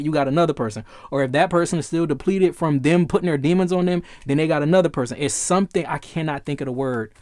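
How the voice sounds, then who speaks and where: A man's voice: on the high side, a little mellow, dry recording. A man giving a casual tarot reading, emphatic and repetitive, swearing freely. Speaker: tarot reader.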